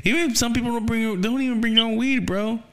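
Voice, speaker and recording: A man's voice: very high-pitched, fast, over a noisy crowd. A man hosting a podcast, chatting casually and swearing freely, laughing often. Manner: profane, laid-back, laughs often. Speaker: podcast host.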